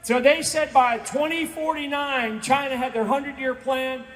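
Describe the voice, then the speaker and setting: A man's voice: very high voice, fairly even intonation, moderate pace, fairly bright tone, a little hiss or hum. A man in his sixties giving an emphatic, repetitive rally speech from a stage, pleading with the crowd. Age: 60s. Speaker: guest speaker. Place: event stage.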